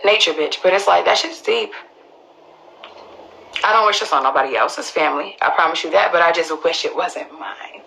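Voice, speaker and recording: Gravelly bright young New woman. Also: on the low side, moderate pace, a little hiss or hum, poor audio. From Queens, New York. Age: early 20s. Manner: emphatic, profane, restarts often. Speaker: vlogger telling her own story. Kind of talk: casual storytelling to viewers.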